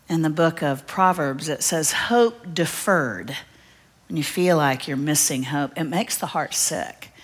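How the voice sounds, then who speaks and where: Woman, middle-aged, low voice, sermon storytelling, animated. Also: unhurried, breathy edge. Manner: animated storyteller, acts out children's cries. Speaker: preacher.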